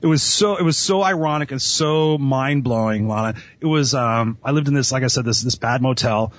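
A man telling his life story as a guest on an interview show, animated and eager, often acting out voices. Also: medium pitch, moderate pace, no echo. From Southern California. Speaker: podcast guest. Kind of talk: storytelling in conversation. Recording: dull lo-fi sound.

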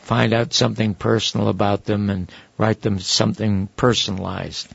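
An older man, a guest, telling long anecdotes and acting out the quoted voices, with a gravelly, husky voice. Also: lowish voice, normal speed, no echo, lo-fi sound. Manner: animated storyteller who acts out quoted voices. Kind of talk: anecdotal storytelling.

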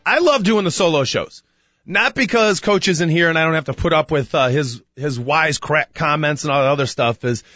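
Male sports radio host, high bright voice, chatty storyteller, dry dull studio sound. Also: no echo. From Chicago. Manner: rambling storyteller, animated when retelling. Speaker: radio talk show host. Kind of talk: casual sports talk radio monologue.

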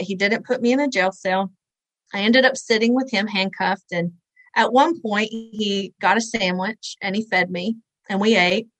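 A woman's voice: medium pitch, a bit bright, no room sound, low-quality recording. Earnest woman in her forties telling a story. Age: 40s. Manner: earnest, conversational, acts out quoted voices. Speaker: interview guest, author. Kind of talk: personal storytelling in an interview.

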